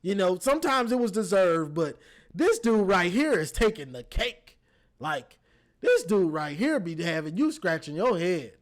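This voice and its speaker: Animated high-voiced man recapping a football game. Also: a little slow. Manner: animated, talks straight to players, repeats words. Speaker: football fan reviewing a game.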